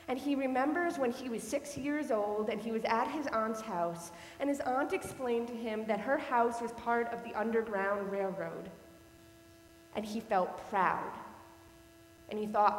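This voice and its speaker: A woman pastor delivers a sermon in an unhurried, measured storytelling voice, pitched a little high. Her words echo around a large church hall with a long reverb tail. A faint electrical hum sits under the recording. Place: church sanctuary.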